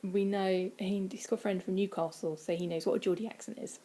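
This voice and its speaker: Mellow, husky woman chatting. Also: mid-range voice, steady tone, brisk. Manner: chatty and rambling, many ums, quiet breathy asides. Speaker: vlogger. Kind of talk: casual weight-loss vlog. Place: indoors at home, by a window.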